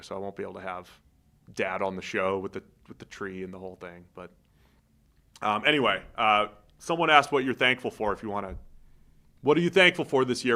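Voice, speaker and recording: A man from Massachusetts co-hosts a sports podcast from the studio, joking around casually and rambling with restarts. He has a lowish, bright voice with a forceful tone.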